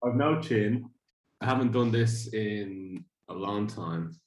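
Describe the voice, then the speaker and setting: A man's voice: on the low side, takes it slowly, darkish tone. A man co-hosting a podcast in casual, joking chat, laughing often. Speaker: podcast co-host. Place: Bondi home.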